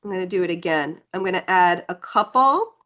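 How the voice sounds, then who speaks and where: A woman's voice: on the low side, expressive, fairly quick, fairly bright tone. A woman leading a live online painting class, talking through each step in a chatty, encouraging way as she demonstrates. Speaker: painting instructor.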